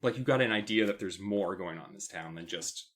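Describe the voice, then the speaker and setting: A man co-hosting a podcast in loose, rambling conversation, full of likes and ums. His voice is fairly low but bright and forceful. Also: fairly quick. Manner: rambling storyteller with many fillers. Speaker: podcast co-host. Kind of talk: casual chat.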